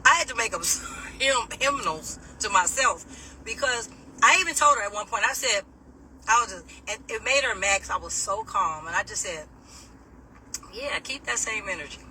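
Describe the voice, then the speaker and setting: A woman's voice: mid-range voice, moderate pace. Indignant woman venting from her car. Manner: indignant, animated, swearing. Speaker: vlogger. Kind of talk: casual venting monologue. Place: in a moving car. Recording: distant mic, faint road noise.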